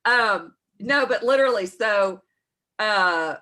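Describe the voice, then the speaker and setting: Speaking slowly and expressively in a mid-range voice with a sharp tone, a woman in her forties co-hosts a relaxed morning program. She has a Texas accent, being from the Southern United States, and her stories ramble with self-correcting side remarks.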